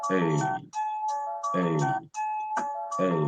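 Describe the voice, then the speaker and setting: A man's voice: low voice, drawn-out words, long pauses, over loud music. A man freestyle rapping in a boastful, rhythmic, slangy flow. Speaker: rapper. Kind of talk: freestyle rapping over a beat. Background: loud backing beat.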